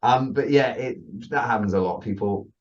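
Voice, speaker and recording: A man co-hosting a casual podcast as a dog agility trainer, telling animated stories, laughing and swearing. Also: fairly low pitch, moderate pace, lo-fi sound.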